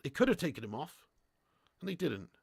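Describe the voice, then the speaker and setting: A young British man hosting a live football watch-along, sweary and excitable, chatting with viewers and laughing often. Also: fairly high pitch, fairly quick, vocal fry, slightly rough, no echo, studio quality.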